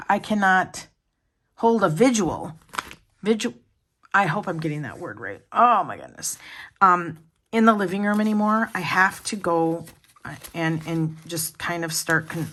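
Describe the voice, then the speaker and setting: A woman with a slightly low-pitched voice chats casually to her viewers in a home vlog. She rambles, restarts her sentences and wanders into asides as she talks. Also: expressive, a little slow, long pauses, fairly bright tone. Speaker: planner vlogger.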